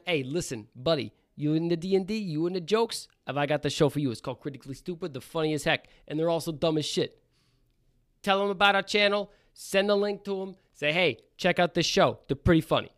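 With a fairly high, slightly bright voice near his everyday one, a man plays a brash, crude New York trash driver during an ad read. His put-on New York accent keeps drifting toward Australian as he rambles.

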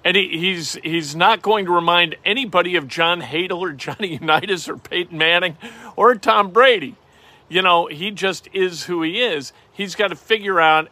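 A middle-aged man hosting a casual, opinionated sports talk show, animated and wry. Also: sits high, no echo. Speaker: sports podcast host.

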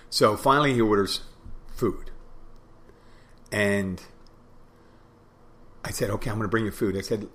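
Here the podcast host, who is also a bartender, tells a rambling bar story at normal speed in a lowish voice. He voices both sides of the conversation and circles back to the same phrases.

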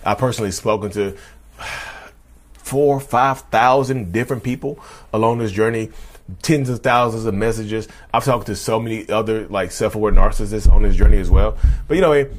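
A man in his thirties with a baritone voice, hosting a podcast in a casual, rambling monologue that often restarts and calls listeners y'all. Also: moderate pace. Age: 30s. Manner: rambling, repeats himself, addresses listeners as y'all. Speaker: podcast host.

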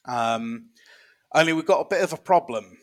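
A man playing a dwarf man who runs an underground fortress, in a comic podcast bit, rambling and deadpan with many pauses. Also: fairly high pitch.

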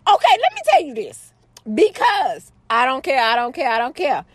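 A woman telling a story about her family to viewers in a chatty, dramatic way, jumping between loud exclaims and low asides and calling out to the audience. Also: huge pitch swings, normal speed, no room sound. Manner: chatty, addresses the audience directly with "girl" and "y'all". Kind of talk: casual storytelling to camera.

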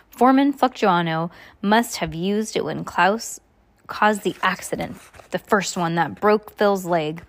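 A woman reading a novel aloud, stumbling and restarting often. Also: lowish voice. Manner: halting, with many restarts. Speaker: reader.

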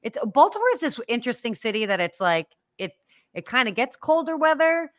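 Woman podcast co-host, animated and chatty, dry close sound. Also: fairly high pitch, fairly quick, dry recording. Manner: chatty, animated, laughs easily. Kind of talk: casual chat.

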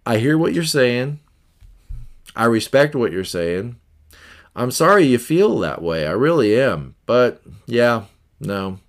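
A man talks through a self-help podcast monologue in an earnest, conversational way. His voice sits at an ordinary middle pitch, and he circles back over his points as he teaches. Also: very animated, slow pace. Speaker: podcast host.

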